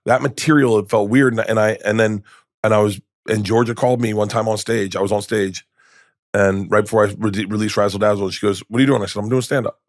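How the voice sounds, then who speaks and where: A man in his fifties, a comedian guest telling stories in a podcast interview, rambling and animated, acting out quoted lines with many restarts. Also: lowish voice, fast talker, dry recording, clean studio sound. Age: 50s. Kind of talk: candid storytelling in conversation. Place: podcast studio.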